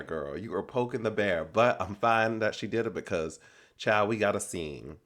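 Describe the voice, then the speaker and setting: Man, lowish voice, for a sassy, animated reality TV recap vlog. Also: moderate pace. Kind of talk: casual reality TV recap commentary.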